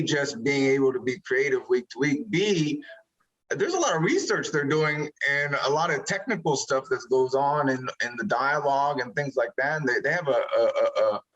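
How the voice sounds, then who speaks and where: A man, an actor being interviewed, talking casually and rambling, animated when he retells moments. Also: medium pitch, dull audio.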